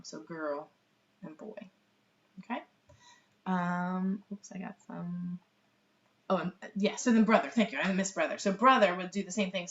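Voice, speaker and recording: A woman's voice: fairly low pitch, a bit bright. A middle-aged woman teaching baby sign language in a casual, chatty live lesson, laughing often and full of ums. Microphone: webcam. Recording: roomy, distant, dull webcam audio.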